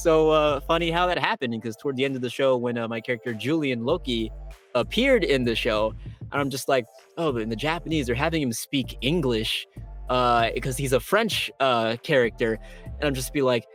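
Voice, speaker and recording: A man, a voice actor, telling his stories as a guest in an interview, excitable and quoting himself with big jumps in pitch. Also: normal speed, faint music behind. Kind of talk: animated storytelling in an interview.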